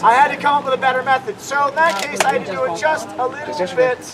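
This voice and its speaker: Male comic magician, high voice, bantering live outdoors over a noisy crowd. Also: level tone, fast talker. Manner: joking, banters with the audience. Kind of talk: live stand-up magic act. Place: outdoor fair stage. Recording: loud crowd around an outdoor show.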